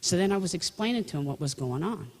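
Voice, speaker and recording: A woman's voice: on the low side, expressive, fast, darkish tone, breathy edge. An older woman giving a Catholic testimony, telling chatty, rambling anecdotes straight to her listeners. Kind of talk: storytelling faith talk. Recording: long echoing reverb.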